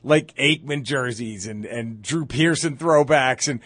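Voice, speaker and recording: A man, a comedian guest on a sports radio show, telling a story in an animated way and loudly mimicking rowdy fans, recorded on a close studio mic. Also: medium pitch, a little slow, no room sound. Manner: excitable, shouts when quoting hostile fans.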